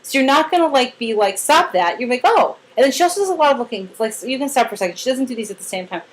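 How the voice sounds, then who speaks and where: A woman's voice: high voice, rapid-fire, rough recording. A woman giving a casual one-on-one training session to a new team member, chatty and demonstrative as she acts out examples.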